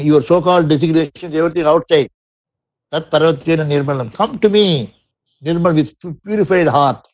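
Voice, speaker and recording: Man, Indian English accent, spiritual discourse, Sanskrit verses explained in English, frequent restarts, somewhat high voice. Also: a little mellow, no room sound. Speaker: satsang speaker. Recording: dull lo-fi dry recording.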